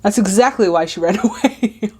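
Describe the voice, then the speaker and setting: A woman hosts a casual movie reaction, chatting and exclaiming as she watches. Her voice sits at an ordinary middle pitch, and her delivery is lively and talkative. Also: moderate pace.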